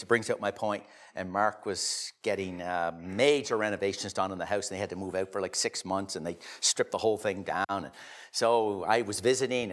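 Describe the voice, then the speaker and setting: A man preaching a sermon, telling a personal story in a conversational way, dropping to quiet confiding tones and rising into loud emphatic bursts. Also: on the low side.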